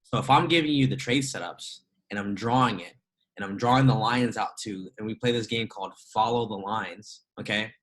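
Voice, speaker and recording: A man's voice: fairly low pitch, a little fast, rough recording. A man working as a trading educator, talking casually and emphatically, firing off rhetorical questions and laughing often. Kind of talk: casual motivational talk.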